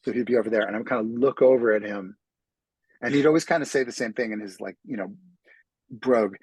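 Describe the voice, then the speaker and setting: Speaking quickly at medium pitch with some breathiness, a man who writes books and lives in New York City pokes fun at himself in a relaxed interview, frequently starting over. The audio is dry and low in quality.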